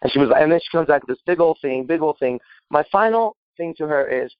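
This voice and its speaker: A man's voice: fairly high pitch, animated, fairly quick, clear, resonant tone, dry recording, muffled recording. A man answering a listener question in brash, profane casual talk, boastful and rambling with filler words.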